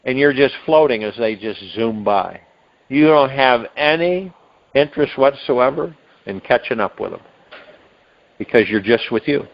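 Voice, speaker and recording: Brief: male meditation host, mid-pitched, rambling spiritual talk over a muffled lo-fi call line. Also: expressive, vocal fry. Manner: rambling, with restarts and drawn-out emphasized words. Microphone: phone. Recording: dull lo-fi phone conference line.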